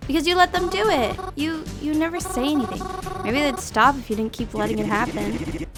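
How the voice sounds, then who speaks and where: A woman's voice: sits high, a little fast, over music, voice pushed up, natural voice. A woman voicing a bullied young woman who accuses a friend of cruelty. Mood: hurt. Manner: plaintive, accusing.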